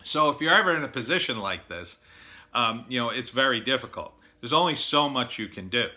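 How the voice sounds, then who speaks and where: A man's voice: mid-range voice, expressive, brisk, pushed and bright. A middle-aged man giving blunt, opinionated screenwriting advice in a casual monologue, with fillers and acted-out quotes.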